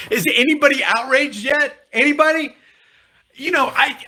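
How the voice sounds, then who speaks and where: Guy with a high voice doing a sarcastic political rant, lots of rhetorical questions. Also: bright, forceful tone. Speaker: commentary host.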